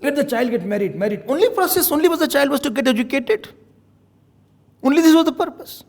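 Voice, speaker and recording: A swami preaching in English with an animated, storytelling manner. His voice sits high and swings widely in pitch, rising and falling with emphasis. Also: quick pace, vocal fry. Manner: animated, acts out little scenes, chuckles often. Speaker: swami giving spiritual talks. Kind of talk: sermon.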